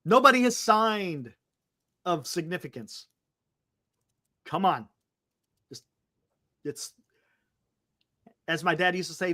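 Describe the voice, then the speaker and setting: A man co-hosting a sports talk show in casual chat. His pitch leaps around as he gets animated, and his voice has a bright, forward edge. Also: slow pace, pauses often, dry recording, clean studio sound. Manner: animated, exclamatory, calming others down.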